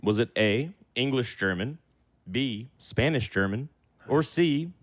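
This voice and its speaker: Man, producer, reads trivia questions, measured, mid pitch. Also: animated. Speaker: producer reading quiz questions. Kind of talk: reading trivia questions aloud.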